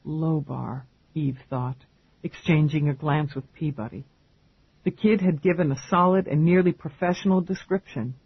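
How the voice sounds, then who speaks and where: A man narrating an audiobook in a measured, even storytelling manner. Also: fairly high pitch, husky, no echo. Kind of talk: scripted narration. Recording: tinny phone-like band, dry.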